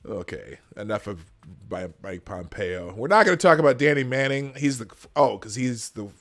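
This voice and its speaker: A man hosting a livestream show, chatting casually and excitably, often shifting closer to and farther from the mic. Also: medium pitch, moderate pace, soft background music. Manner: excitable, loudness jumps as he moves around the mic. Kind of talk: casual chat.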